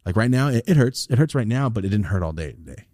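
A man's voice: lowish voice, fast, no echo, studio quality. A man hosting a podcast, chatting casually and swearing a lot, telling stories and acting out what people said. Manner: animated storytelling, swears a lot, acts out quotes. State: recovering from a sinus infection. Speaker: podcast host.

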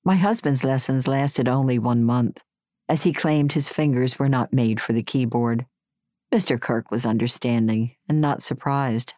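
A woman's voice: very deep voice, unhurried, no room sound, studio quality. Wry woman reading her memoir aloud. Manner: wry, gently humorous. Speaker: memoir narrator.

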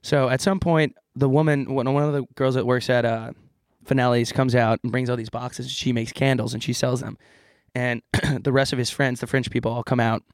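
Young man, podcast co-host, animated storyteller, casual chat, dry close sound. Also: medium pitch, normal speed, no echo. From California. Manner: animated storyteller, puts on voices for the people in his story.

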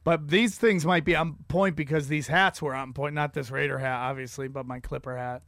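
A man's voice: on the high side, brisk, dry recording, studio quality. A man hosting a podcast, rambling and profane in a casual comedic rant. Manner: rambling, profane, animated storytelling. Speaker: podcast host.

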